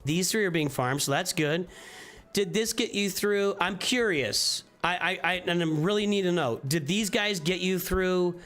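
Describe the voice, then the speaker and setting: Unhurried and a bit bright, this high-sitting male voice belongs to a live streamer reviewing viewers' game rosters. His commentary is casual and think-aloud, marked by restarts and repeated phrases, with faint music behind.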